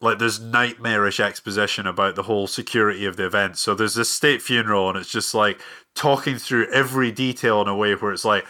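Bright-voiced man chatting casually. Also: lowish voice, a little fast. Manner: animated, slips into jokey impressions and laughs often. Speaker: podcast co-host. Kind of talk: casual film-review chat.

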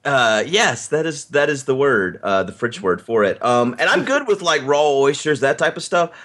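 A man hosting a podcast in relaxed casual chat, laughing along and trailing off. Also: mid-range voice, normal speed. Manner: laid-back, chuckles, trails off. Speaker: podcast host.

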